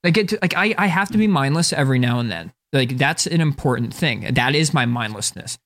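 A man's voice: mid-range voice, animated, a little fast, fairly bright tone. A man from northern New Jersey, co-hosting a podcast in casual chat, rambling with lots of "like", restarts and swearing. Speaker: podcast co-host.

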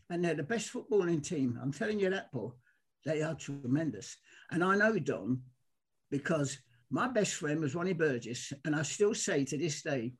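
An older man from telling animated, rambling stories as a guest, acting out the people he quotes. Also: a little high, breathy edge. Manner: excitable, rambling, acts out quoted dialogue. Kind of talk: animated storytelling.

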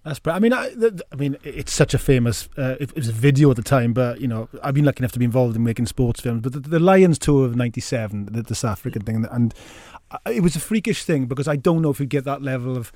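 Lively halting male interviewer, dry sound. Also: mid-range voice, no room sound. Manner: enthusiastic, halting, many restarts. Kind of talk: casual interview chat.

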